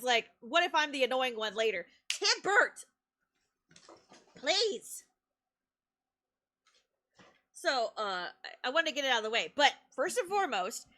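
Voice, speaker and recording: Giggly high-voiced woman streamer. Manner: excitable, laughs often, swears casually. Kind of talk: casual live-stream storytelling.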